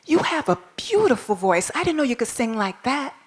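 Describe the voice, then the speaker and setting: A woman's voice: high voice, very animated, normal speed, breathy edge, exaggerated voice. A woman doing a tender father frog. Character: gentle father frog, surprised and proud.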